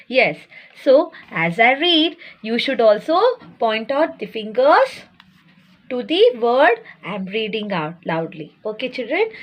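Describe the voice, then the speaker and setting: A high-pitched woman with an Indian English accent teaches young children in a recorded lesson. She reads a story aloud and stops often to explain words. She checks in patiently with a steady run of questions. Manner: patient, checks in with repeated "okay?". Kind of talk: online class lesson, reading a story aloud.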